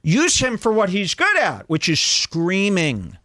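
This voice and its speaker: A man's voice: high voice, wildly swooping pitch, a little slow, sharp tone. A man hosting a mocking video commentary, sarcastic and ranting, often slipping into voice impressions. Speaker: commentary host.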